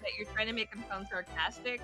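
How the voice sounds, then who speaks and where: A woman chatting casually, quiet and teasing. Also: medium pitch, fairly even intonation, fast, music in the background. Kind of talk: casual chat.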